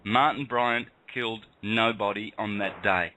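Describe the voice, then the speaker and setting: A man's voice: on the low side, steady tone, unhurried, bright, forceful tone, poor audio. A man hosting a call-in radio show, talking in an impassioned, emphatic rant. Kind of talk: heated call-in radio talk.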